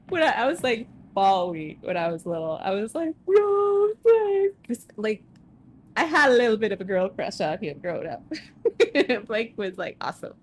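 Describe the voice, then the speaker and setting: A woman's voice: medium pitch, a little hiss or hum. A woman streamer giving casual live commentary on a game, chatty and emotional, with frequent fillers.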